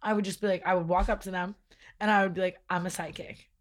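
A woman's voice: fairly low pitch, fairly even intonation. A young woman co-hosting a podcast in casual chat, rambling through stories with lots of "like" and laughter. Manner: fast rambling storyteller, full of "like" and laughs. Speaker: podcast co-host.

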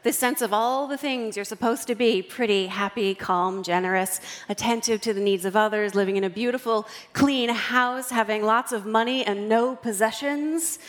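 A woman author giving an animated talk to a live audience, acting out quoted voices as she goes. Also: on the high side, normal speed, hardly any pauses. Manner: expressive, acts out quoted voices. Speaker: author and guest speaker. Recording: long hall reverb.

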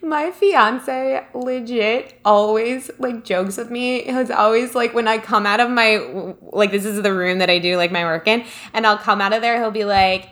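A woman's voice: medium pitch, fairly even intonation, moderate pace, few pauses, a bit bright. A young woman co-hosting a podcast, chatting casually with lots of giggles. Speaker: podcast co-host.

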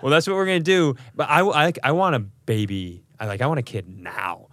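A man co-hosting a comedy podcast, telling a story in casual chat and slipping into quick silly voices. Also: mid-range voice, sing-song, a bit bright, no echo.

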